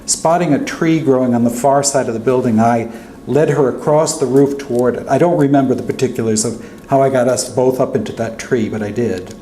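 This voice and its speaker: A male author narrating his own fiction aloud in a steady first-person voice at a college reading. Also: medium pitch, a little fast. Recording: echoey hall with faint hum.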